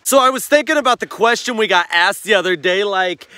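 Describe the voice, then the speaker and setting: A man's voice: sits high, brisk, hardly any pauses, pushed and bright, dry recording. A man vlogging outdoors as he trains his dog, playful and laughing often, giving short commands between explanations.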